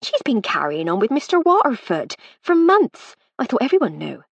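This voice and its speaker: Woman doing nervous young housemaid, hesitant, hushed, raised pitch, husky, dry. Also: wildly swooping pitch, moderate pace, no echo, dull audio, heavily acted. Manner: hesitant, breaking off, dropping to hushed tones.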